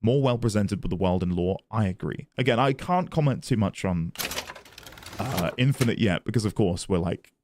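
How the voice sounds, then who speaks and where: A man streams a video game in a casual, chatty way, reading chat and on-screen text aloud. His voice sits a little low. A faint hiss sits behind it. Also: expressive, moderate pace, a little mellow. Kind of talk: casual gaming commentary.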